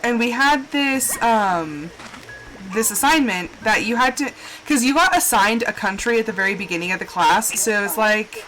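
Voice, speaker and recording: A woman streamer chatting casually over gameplay, telling animated stories and acting out quotes in a higher voice. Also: moderate pace, a little hiss or hum, poor audio. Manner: animated storytelling with high acted quotes. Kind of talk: casual gaming chat.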